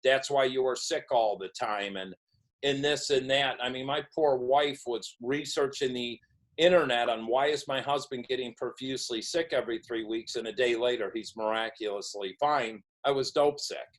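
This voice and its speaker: A man's voice: mid-range voice, moderate pace, poor audio. A middle-aged man, a podcast guest, telling his recovery story and acting out other people's dialogue. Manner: storytelling, acts out quoted dialogue. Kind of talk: recovery story told in an interview.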